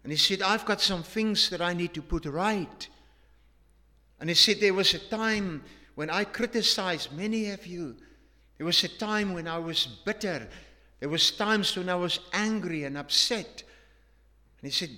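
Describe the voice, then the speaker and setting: A man delivering a sermon as a story, earnest and emphatic, swinging between hushed passages and forceful rises. His voice is fairly high and bright, with an edge to it. A long reverb trails each phrase, as in a big church. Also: measured pace. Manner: earnest, emphatic, with frequent restarts and hushed drops. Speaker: preacher.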